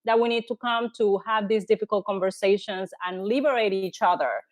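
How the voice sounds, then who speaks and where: A woman's voice: mid-range voice, brisk, no echo. A woman guest, a community organizer from Puerto Rico, making her points earnestly in long run-on sentences. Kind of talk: earnest conversation.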